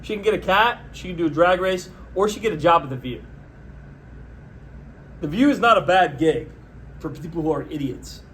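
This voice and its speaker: A man hosting a podcast, delivering a sarcastic, mocking solo rant in a deadpan pitching tone. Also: fairly quick, long pauses, slight background noise. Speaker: podcast host. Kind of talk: solo comedic political rant.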